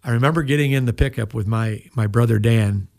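Gravelly older man telling a story. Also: mid-range voice, fairly quick, darkish tone, no echo, clean studio sound. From United States. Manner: earnest, emotional storytelling. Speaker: pastor and guest. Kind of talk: storytelling in an interview.

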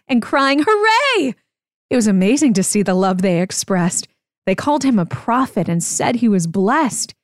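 A young adult woman reading a rhyming children's story aloud to her kids in a slow, rhythmic narration. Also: medium pitch, a little mellow, dry recording, studio quality.

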